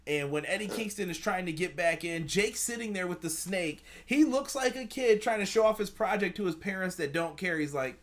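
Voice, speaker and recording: A man's voice: high voice, a little fast, few pauses. A man hosting a casual wrestling review chat, blunt and profane, reading out viewer comments as he goes. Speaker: podcast host.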